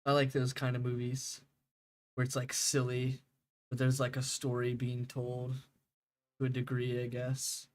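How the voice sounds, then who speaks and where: A man's voice: medium pitch, monotone, unhurried, darkish tone. A young man streaming a game, chatting casually with viewers, rambling and laughing, swearing freely.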